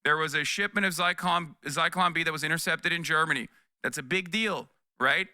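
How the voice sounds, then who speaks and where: A man in his thirties delivers heated political commentary on a livestream, profane and exasperated and pushing each point with "okay?". His voice sits a bit high and sounds sharply bright and forceful. The sound is close and dry, with no room echo. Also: clean tone. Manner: profane, exasperated, rapid rants with repeated "okay?". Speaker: streamer reacting to news.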